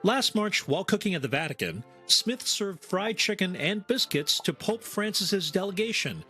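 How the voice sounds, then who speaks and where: A male food reporter voicing a news feature, his voice high and bright with a lot of swing in the pitch. He tells it with upbeat, playful storytelling. Soft music runs under him. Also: moderate pace, husky. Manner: lively, upbeat storytelling delivery.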